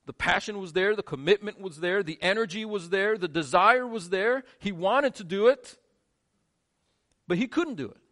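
A male pastor preaching a sermon, shifting between quiet, low lines and emphatic, rising ones. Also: animated, normal speed.

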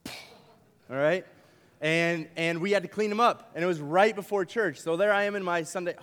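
A young man gives a youth camp sermon, playful and animated, joking with the crowd as he goes. His voice sits high for a man. A long reverb from the large hall trails behind each phrase. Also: moderate pace. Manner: playful, animated, uses props and jokes with the crowd. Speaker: camp speaker. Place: large hall with a live audience.

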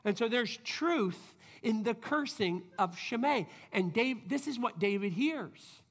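High-voiced preacher in a reverberant hall. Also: male voice, expressive, takes it slowly, fairly bright tone. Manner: conversational, asks rhetorical questions; acts out quoted speakers in brief bursts. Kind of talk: expository sermon.

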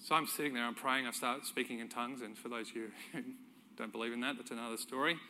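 A man's voice: mid-range voice, steady tone, fast talker, sharp tone, slight background noise. A middle-aged man, preaching a sermon by telling a personal story in a conversational way, chuckling now and then.

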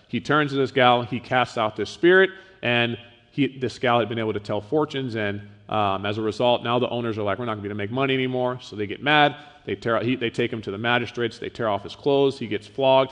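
A man delivers a sermon in an easygoing, plainspoken manner, peppered with asides and fillers. His voice sits at an ordinary middle pitch. The sound carries a long reverb, as if in a large hall. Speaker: pastor.

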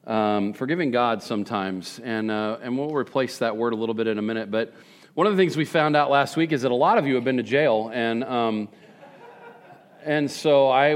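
Joking, conversational male pastor. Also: medium pitch. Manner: joking, self-deprecating, animated asides. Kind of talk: conversational sermon.

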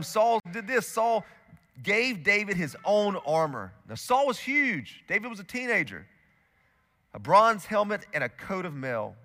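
A male pastor with a fairly high, forceful voice preaches a sermon in a church auditorium. He tells the story with energy and acts out the quotes in it. His voice carries a long reverb from the large hall. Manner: lively storytelling with acted-out quotes.

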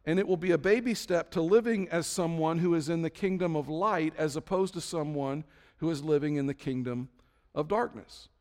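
A man's voice: a little high, normal speed, darkish tone. A male pastor with a voice that sits a bit above the usual for a man, preaching in a loose, storytelling way with plenty of ums and restarts. His words ring out with a long reverb, as if caught in a large hall. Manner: conversational storytelling with frequent fillers. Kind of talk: sermon.

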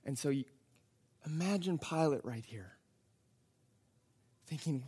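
A man preaching with a high, bright, forceful voice. He acts out the crowd's shouts, then drops to a quiet, slow murmur before building back up. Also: sing-song. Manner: dramatic, acts out the crowd, swings from loud to hushed. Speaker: pastor. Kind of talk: sermon.

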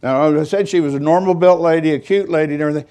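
A man's voice: on the high side, racing, warm tone. An older man, a pastor, telling a story in a rambling, folksy sermon with self-deprecating humor.

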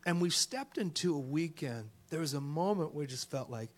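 A man preaching a sermon who tells a story with jokes and swings between loud shouts and hushed whispers. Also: fairly high pitch, expressive, moderate pace. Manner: tells jokes and acts out characters in stories.

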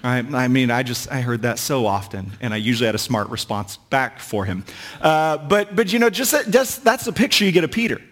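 A man's voice: mid-range voice, expressive, brisk, fairly bright tone. A man preaching a sermon as a pastor, talking in a conversational way with asides and jokes. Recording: long hall reverb.

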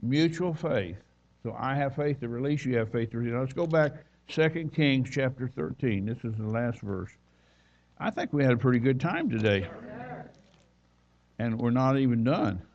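A man's voice: mid-range voice, animated, normal speed, gravelly, darkish tone, muffled recording. A man preaching a sermon as a visiting minister, folksy and conversational with plenty of asides. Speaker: guest preacher. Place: church.

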